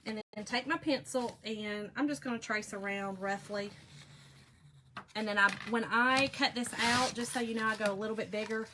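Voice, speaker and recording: A woman's voice: on the high side, moderate pace, sharp tone, slight background noise. A woman hosting a chatty crafting live stream, rambling and laughing as she talks to her viewers while she works. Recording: clicking noises in the background.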